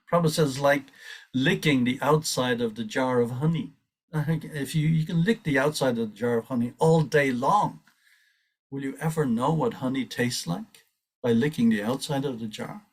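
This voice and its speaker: A man leads a devotional scripture class in an earnest, urging tone. His husky voice sits a little back from the microphone. He keeps restarting his sentences and lets small laughs slip in. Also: medium pitch, far from the mic. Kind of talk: reflective scripture class talk.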